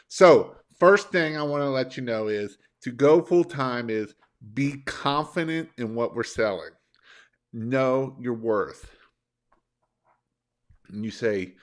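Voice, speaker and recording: A business coach from Northern Kentucky, USA, gives a motivational live-stream talk in a folksy, rambling, plain-spoken way, despite a sore throat. His medium-pitched voice has lively intonation, and he takes it slowly.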